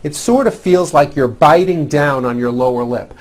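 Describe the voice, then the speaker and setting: Teaching English pronunciation from a script, a man speaks in a fairly high pitch and shows each sound slowly with deliberate exaggeration.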